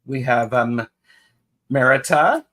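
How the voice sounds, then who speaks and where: A man's voice: mid-range voice, a bit bright. A man in the middle of his register who takes his time. He co-hosts a live tarot stream and greets chatters one by one, with plenty of ums and restarts. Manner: unhurried, greets chatters by name with fillers and restarts. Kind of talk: casual live-stream chat.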